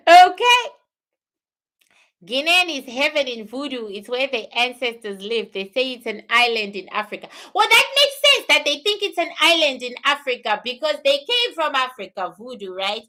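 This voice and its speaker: A woman's voice: sits high, big pitch swings, normal speed, sharp tone. A woman hosting a spiritual livestream, answering viewer questions and thanking viewers, with emphatic repeated phrases. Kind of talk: live-stream talk answering viewer questions.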